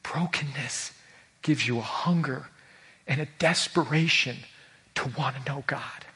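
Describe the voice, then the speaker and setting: A husky-voiced man preaching a heartfelt sermon. He talks earnestly, stumbles and repeats words as he goes, and moves between hushed, tender stretches and raised, urgent ones. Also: medium pitch, measured pace. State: emotional. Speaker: pastor.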